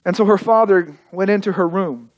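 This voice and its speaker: A male pastor telling a story in a sermon, emotive, repeating phrases and dropping soft at key moments. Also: high voice, fairly quick, muffled recording.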